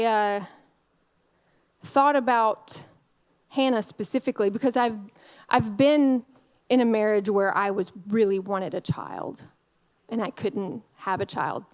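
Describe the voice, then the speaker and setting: A woman preaching a conversational sermon in a candid, chatty way, full of fillers and frequent laughs. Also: mid-range voice.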